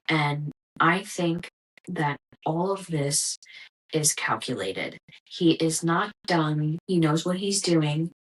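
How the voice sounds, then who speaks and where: A woman's voice: sits low, a bit bright, low-quality recording. A young woman hosting a podcast, ranting in a casual, exasperated monologue full of swearing. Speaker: podcast host.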